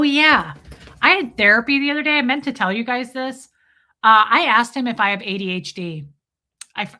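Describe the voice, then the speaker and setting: A woman's voice: mid-range voice, pushed and bright. A woman streaming live, chatting casually with her viewers and telling a story in a self-mocking way, acting out the quoted dialogue.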